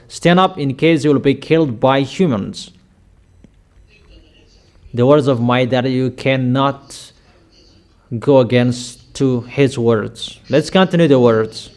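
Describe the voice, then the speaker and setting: A man preaching a sermon in slow, emphatic prophetic declarations. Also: mid-range voice, a little mellow.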